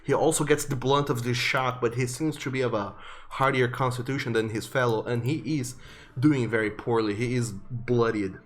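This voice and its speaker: A man's voice: mid-range voice, fairly even intonation. Man narrating as game master. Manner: vivid, halting narration with fillers.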